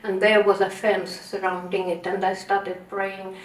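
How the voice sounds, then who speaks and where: A woman's voice: mid-range voice, level tone. Russian lady in her 60s telling her story, lots of uh's, sounds far from the mic in an echoey room. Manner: earnest, halting, frequent hesitations. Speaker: devotee sharing testimony. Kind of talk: personal testimony. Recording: roomy, distant mic.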